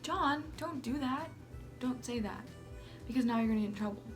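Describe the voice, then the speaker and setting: A woman's voice: a little high, normal speed, soft background music, close to an everyday voice. A self-centered young Salem woman , as acted by a woman, chatters to her camera like a teen vlogger. She rambles with constant "like" and gasps of "oh my gosh". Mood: gossipy. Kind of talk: amateur vlog-style role-play.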